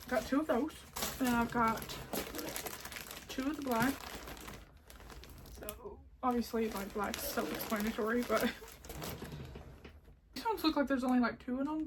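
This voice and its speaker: A woman's voice: fairly high pitch, background noise. A woman with a Southern country accent, showing off a yarn haul in a rambling, casual way with lots of fillers and some near-whispered asides. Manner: chatty, rambling, many "like" fillers, drops to a near-whisper at times. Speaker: crafting vlogger. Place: home, indoors.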